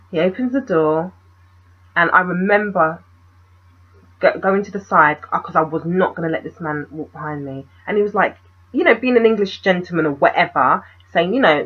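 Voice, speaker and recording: A woman telling a personal story in a vlog, animated and full of rhetorical questions. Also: fairly low pitch, measured pace, pauses often, highs cut off. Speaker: vlogger.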